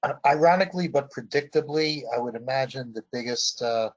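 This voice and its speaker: Husky guy asking a question, kinda halting, dull lo-fi sound. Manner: halting, searching for words. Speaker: panel member asking a question. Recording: dull low-fidelity sound.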